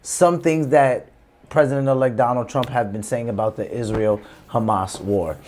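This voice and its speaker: A man's voice: medium pitch, steady tone, normal speed, darkish tone, a little hiss or hum. A man hosting a reaction channel, explaining news clips in a conversational way before he plays them. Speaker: political reaction channel host. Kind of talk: casual commentary.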